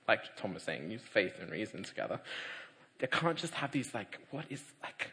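A young man giving a personal testimony, animated, laughing often and acting out other people's voices. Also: fairly low pitch, moderate pace, in a large hall. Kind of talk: personal conversion storytelling.

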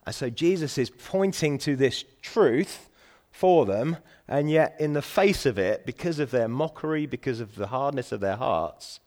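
A man's voice: medium pitch, expressive, unhurried, darkish tone. A man preaching a sermon as pastor, earnest and emphatic.

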